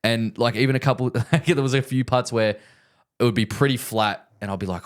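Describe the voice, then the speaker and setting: A man's voice: lowish voice, fairly quick. A man co-hosting a podcast, telling a long rambling story in casual chat and repeating himself. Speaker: podcast co-host.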